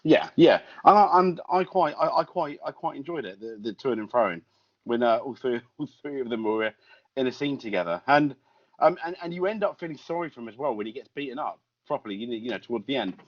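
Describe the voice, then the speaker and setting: A man's voice: mid-range voice, expressive, fast. A man co-hosting a casual film review podcast, rambling with many stumbling restarts. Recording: lo-fi podcast audio.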